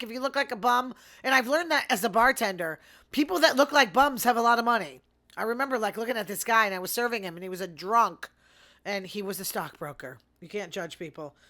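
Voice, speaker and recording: A middle-aged woman hosting her own show, chatting in a rambling, sarcastic way and talking fast. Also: a little high, lively intonation, fairly bright tone. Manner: fast talker. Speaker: podcast host. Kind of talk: casual solo commentary.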